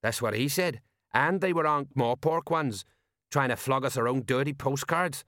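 A man voicing a gruff, blustering middle-aged male city-watch sergeant in a storybook reading. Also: medium pitch, normal speed, a bit bright, dry recording, studio quality, voice pushed up, close to an everyday voice. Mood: grumbling.

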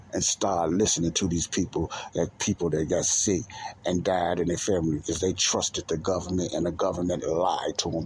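Solo host, male, deep voice, heated and repetitive delivery, slight background hiss. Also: a little mellow. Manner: preachy, repetitive, rising to emphatic outbursts. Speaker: podcast host. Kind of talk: angry solo monologue.

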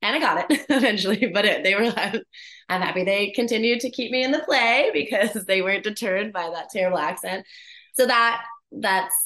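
A woman actor chatting as an interview guest, animated and laughing often as she tells stories about her work. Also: mid-range voice, a little fast, reverberant. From Canada. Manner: animated storyteller, laughs often, many restarts. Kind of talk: casual interview chat.

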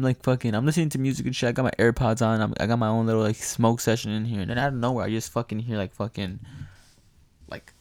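A young man telling a profane, animated story in casual chat, often laughing. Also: medium pitch, dry recording.

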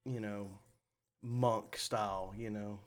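A man's voice: on the low side, steady tone, takes it slowly. Drawling, joking man on a podcast. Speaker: podcast co-host. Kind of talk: casual chat.

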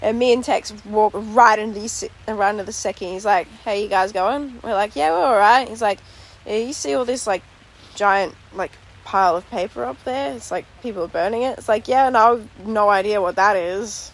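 A young Australian woman telling a story in casual chat, sweary and animated, full of "like". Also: medium pitch, moderate pace, poor audio. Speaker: podcast co-host. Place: inside a tent.

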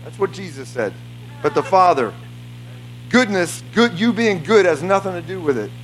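Man, preacher, high voice, fervent sermon, shouts and laughs, faint music behind. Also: expressive, normal speed. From United States. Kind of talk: charismatic sermon. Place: church meeting before a congregation.

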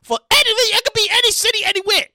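A woman hosting a podcast, ranting loudly and comically with lots of profanity and shouting. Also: very high-pitched, fast, no echo, studio quality. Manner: loud, animated, profane ranting with frequent shouting. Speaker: podcast host. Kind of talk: comedic current-events rant.

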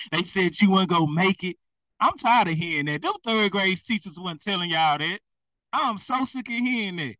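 High, bright-voiced preacher man. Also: moderate pace, no room sound, recorded from a distance, rough recording. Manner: lively, conversational, laughs often. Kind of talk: sermon.

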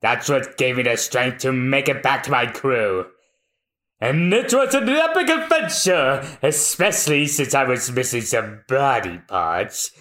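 A man's voice: mid-range voice, pushed and bright, echoey room, heavily acted. A man voicing a boastful, vengeful male clown pirate with pompous self-drama.

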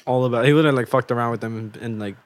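Young male podcast co-host, medium pitch, halting and filler-heavy casual chat.

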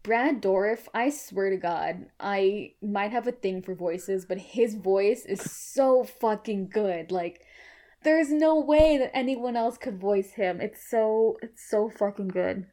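A woman chatting on a podcast about a film she loves. She gushes and swears freely, piling on fillers and restarts as she talks, in a relaxed, casual way. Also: mid-range voice, takes it slowly. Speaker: podcast co-host. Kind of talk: casual movie podcast chat.

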